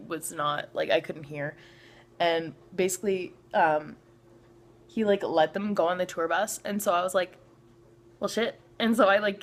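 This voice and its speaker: Young Canadian woman, vlogger, gushing storyteller, heavy on "like", acts out the quotes. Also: mid-range voice. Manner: excitable, many filler "like"s, acts out quotes. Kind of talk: storytime vlog.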